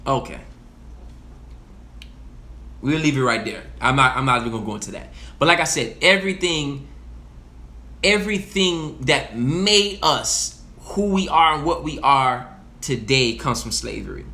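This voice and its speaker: Bright, forceful man talking passionately. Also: medium pitch, lively intonation, unhurried, pauses often. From Haiti (heritage). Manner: passionate, profane, repeats himself. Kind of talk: casual monologue.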